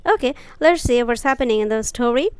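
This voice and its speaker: A woman reading a story aloud for English learners, carefully and deliberately, with short asides explaining the pictures. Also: a little high, expressive, a little mellow, clear, resonant tone, dry recording.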